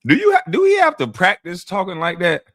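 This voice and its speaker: A man's voice: sits high, wildly swooping pitch, fairly quick, fairly bright tone, no echo, clean studio sound. A man ranting casually on his vlog, mocking and profane, often laughing. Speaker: vlogger and commentator.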